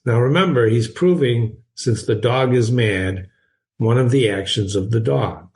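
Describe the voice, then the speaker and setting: A man teaching his way through a classic novel, pausing to explain words and ideas. He is chatty and encouraging, wanders off on tangents and chuckles often. His voice sits at an average pitch. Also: a little mellow.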